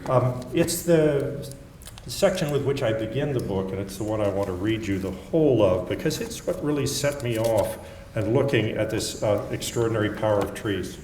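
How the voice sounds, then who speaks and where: A man's voice: lowish voice, normal speed, darkish tone, a little hiss or hum. A man, an author giving a public talk and reading from his book, speaking thoughtfully with some fillers. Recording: echoey hall, mic far off.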